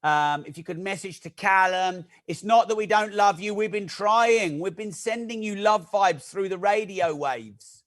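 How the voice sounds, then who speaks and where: A man leads a live online masterclass, his voice pitched high for a man. He talks fast and chatty, breaking off to joke with viewers and call out their names. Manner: energetic, chatty, jokey asides to viewers. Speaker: masterclass host. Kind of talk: live-streamed teaching talk.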